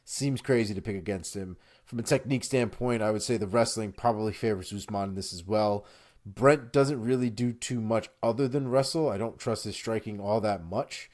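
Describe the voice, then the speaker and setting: A man with a fairly low voice gives a fight prediction on an MMA show. He is confident and emphatic. He talks in a casual, blunt way.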